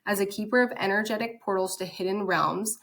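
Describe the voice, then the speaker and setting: A woman's voice: medium pitch, steady tone, fairly quick, fairly bright tone. A young woman giving a casual, enthusiastic oracle card reading, reading card text aloud and chatting between passages. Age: young adult. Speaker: spiritual content creator.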